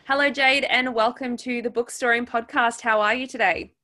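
A woman's voice: fairly high pitch, fairly even intonation, brisk, bright, forceful tone. Chatty Australian woman hosting a podcast. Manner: chatty, friendly, many ums and restarts. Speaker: podcast host. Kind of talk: casual chat.

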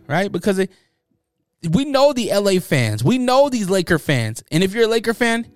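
Animated joking man with lively pitch. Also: normal speed, clear, resonant tone, dry recording, soft background music. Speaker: podcast host. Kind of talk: casual chat.

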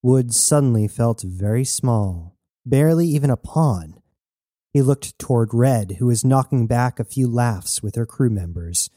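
A man reading a novel aloud as narrator in a steady storytelling manner. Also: mid-range voice, unhurried, no room sound, clean studio sound. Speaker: audiobook narrator. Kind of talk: scripted narration.

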